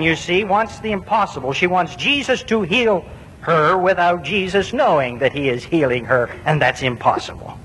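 A man preaching a sermon, earnest and emphatic, with rhetorical questions and repeated words. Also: fairly bright tone. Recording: long reverb with faint low rumble.

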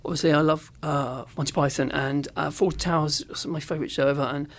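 A man's voice: on the high side, fast talker. A man in casual conversation, telling an anecdote and acting out the voices in it. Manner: animated storyteller, acts out quotes. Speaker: podcast co-host.

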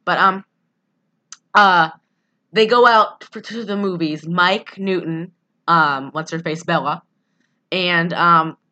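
Young woman, podcast co-host, casual movie recap, rambling, low-ish pitch, bright tone. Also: slow, pauses often, highs cut off. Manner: rambling, full of "um" and "like", laughing asides.

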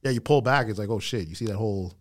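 A man's voice: lowish voice, fast, dry recording. A man co-hosting a podcast in casual chat, rambling and swearing casually as he thinks aloud. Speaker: podcast co-host.

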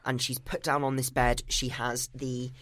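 A man's voice: medium pitch, flat delivery, normal speed, a bit bright, no room sound. A man co-hosting a podcast in casual chat, walking through a film's plot scene by scene and quoting the characters. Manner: retells film scenes step by step, quoting characters. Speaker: podcast co-host. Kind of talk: casual film recap chat.

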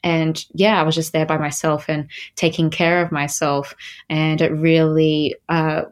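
Invitée australienne, jeune femme, voix plutôt grave, parle de façon détendue avec beaucoup d'hésitations. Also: female voice, low-pitched, flat delivery, a little slow. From Australia (Melbourne). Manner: chatty, many fillers and restarts, laughs easily. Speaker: guest, model. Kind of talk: casual interview chat.

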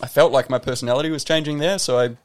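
A New Zealand man in his thirties, a professional tennis player, tells stories as a podcast guest in a reflective, casual way, with lots of "like" and restarts. He speaks rapid-fire at medium pitch with fairly even intonation and has a New Zealand accent.

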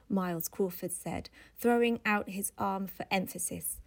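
A woman reading a literary novel aloud in a slow, measured way. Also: mid-range voice. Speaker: audiobook reader. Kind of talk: literary audiobook narration.

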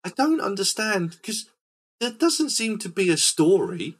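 A man's voice: sits high, wildly swooping pitch, a little slow, fairly bright tone. A man hosting a casual film podcast, rambling and quizzical as he recaps a scene. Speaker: podcast host. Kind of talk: casual film-review chat.

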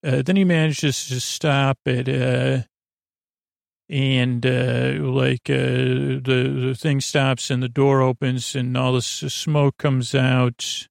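A man hosting a podcast, casually recapping an episode in a rambling, halting way with lots of filler sounds. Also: medium pitch, level tone, vocal fry, no echo, clean studio sound. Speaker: podcast host.

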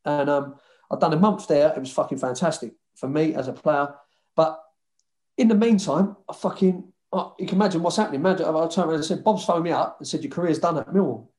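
A former footballer tells stories in a relaxed interview, his slightly high voice moving quickly as he swears and acts out conversations with quoted dialogue.

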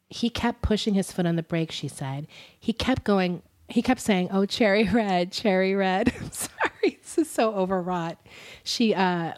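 Chatty, laughing woman with a low-pitched voice. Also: a little mellow. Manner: chatty, laughs often, many fillers. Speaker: podcast co-host. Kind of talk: casual storytelling chat.

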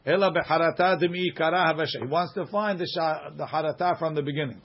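A man teaching a Talmud class, reading passages aloud and quickly explaining them in English with everyday examples. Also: on the high side, highs cut off.

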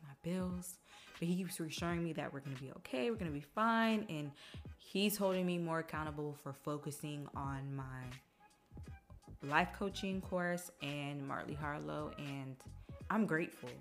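A young woman with a low voice talks through a personal update on her podcast, chatty and open. She slips into lively voices when she repeats what friends and family said. Soft music plays faintly underneath. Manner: chatty, emotional, quotes others in animated voices. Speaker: podcast host. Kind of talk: casual personal monologue.

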